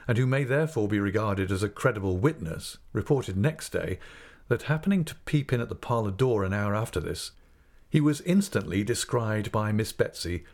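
A man narrating a classic novel aloud in a measured, expressive storytelling manner. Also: lowish voice. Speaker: audiobook narrator. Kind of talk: scripted narration.

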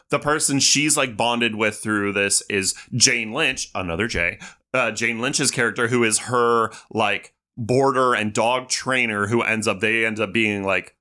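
A man's voice: fairly low pitch, pushed and bright. A man hosting a podcast, chatting casually about a movie in a rambling, enthusiastic way with many fillers. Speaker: podcast host.

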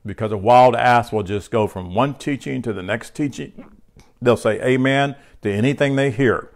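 A man's voice: mid-range voice, normal speed. A man teaching a spiritual lesson from his home, speaking conversationally with fillers and restarts, and sounding tired. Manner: conversational, with fillers and self-corrections. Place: home room.

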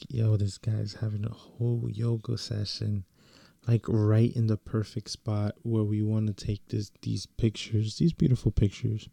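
Young man, casual slangy storyteller; low, mellow, dark tone. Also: vocal fry, no echo. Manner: relaxed and slangy, with lots of fillers and restarts.

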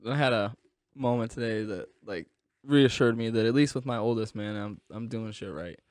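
A man's voice: on the low side, normal speed, no room sound, studio quality. Laid-back man saying "dude" a lot. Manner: laid-back, swearing, says "dude" often. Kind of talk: casual storytelling chat.

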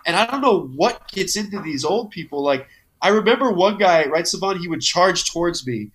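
Animated, bright-voiced storytelling man. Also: high-pitched, moderate pace, a little hiss or hum. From Modesto, California. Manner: animated, swears freely, acts out quotes. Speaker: guest, comedy creator. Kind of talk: casual storytelling chat.

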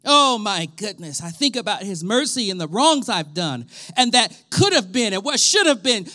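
A man in his thirties, a pastor preaching a sermon with animated, emphatic delivery, laughing and talking directly to his congregation. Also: sits high, normal speed, few pauses. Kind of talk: livestreamed sermon.

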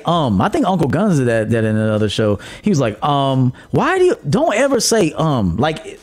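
Man, podcast host, dating coach, profane, mocking, lively pitch. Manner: profane, mocking, laughs at his own jabs; mimics commenters in a high mocking voice. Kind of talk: blunt monologue.

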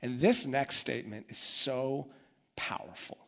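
A man's voice: fairly high pitch, moderate pace, fairly bright tone. A man preaching a sermon, telling the story with energy and acting out the voices of the people in it. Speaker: pastor.

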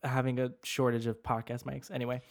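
A man co-hosting a podcast in casual chat, hesitant, with many pauses and stumbles over his words. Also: medium pitch, level tone, vocal fry. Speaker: podcast co-host.

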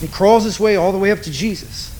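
A man preaching a sermon, telling a story dramatically with emphatic pauses and repetition. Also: high-pitched, darkish tone, slight background noise.

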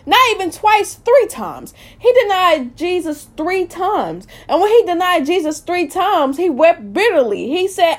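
High-voiced woman preaching with passion. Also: big pitch swings, unhurried, hardly any pauses. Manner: impassioned, repetitive, swings between loud and soft. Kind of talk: informal sermon.

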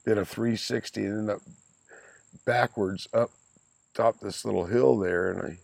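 Gravelly old guy in his 60s spinning yarns, lowish voice, laughs a lot, swears, dry close sound. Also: measured pace, darkish tone, no echo. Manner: rambling anecdotes, frequent laughter, crude language. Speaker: podcast guest, father of the host. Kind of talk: casual storytelling chat.

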